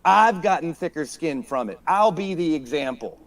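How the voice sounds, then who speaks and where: A high-voiced man, fired up and ranting on a casual podcast. He swears often and repeats his points again and again for emphasis. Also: animated, normal speed. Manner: profane, emphatic, repeats himself. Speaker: podcast guest.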